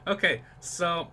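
A young man doing live let's-play commentary on his gameplay, excitable and profane, dropping to a whisper while sneaking. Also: high voice, a little hiss or hum.

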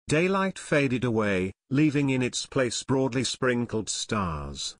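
A man narrating an unabridged adventure audiobook in a steady, measured reading voice. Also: mid-range voice, dry recording, clean studio sound. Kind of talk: scripted narration.

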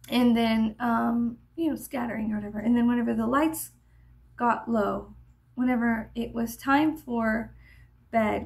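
A woman vlogger telling a meandering story while getting ready, full of fillers and drifting into soft whispers. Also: on the high side, vocal fry. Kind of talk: rambling get-ready-with-me storytelling.

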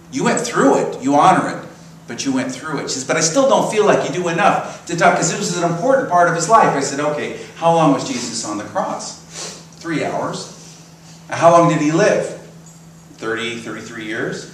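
A middle-aged man preaches from a church pulpit, telling stories and breaking into chuckles as he goes. His voice sits a little high for a man. It carries a big roomy echo from a mic set well back, over a faint hum of the hall. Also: a bit bright, far from the mic. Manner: conversational storytelling with chuckles. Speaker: minister. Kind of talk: sermon. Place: church sanctuary.

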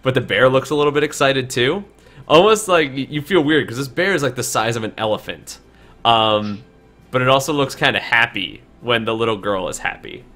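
A man's voice: mid-range voice, expressive, a little fast, sharp tone. A man narrating a tabletop game as game master on a live stream, talking loosely with many fillers.

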